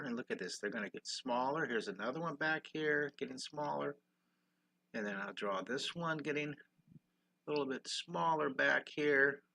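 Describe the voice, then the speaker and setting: Upbeat older man with a bright voice. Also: mid-range voice, vocal fry. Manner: upbeat, encouraging, greets chat viewers while drawing. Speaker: drawing teacher and live-stream host. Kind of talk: live-stream drawing lesson. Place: live-stream studio.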